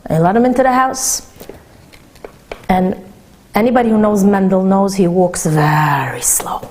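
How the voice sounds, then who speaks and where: A woman rabbanit, telling a story in a Torah talk and acting out the voices of its people. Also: moderate pace. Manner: animated storyteller, acting out quoted voices with big pitch jumps.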